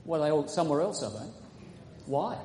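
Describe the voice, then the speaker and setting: A man preaching a sermon, quizzing his congregation and reading scripture slowly and earnestly. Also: on the high side, big pitch swings, noisy background. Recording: echoey hall recording.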